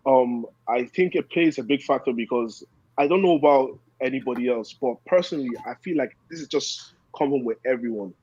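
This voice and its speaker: Young male guest, earnest and rambling, husky, muffled lo-fi recording. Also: mid-range voice, a little fast, a little mellow, dry recording. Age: young adult. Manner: earnest, rambling, acts out quotes. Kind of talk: casual chat.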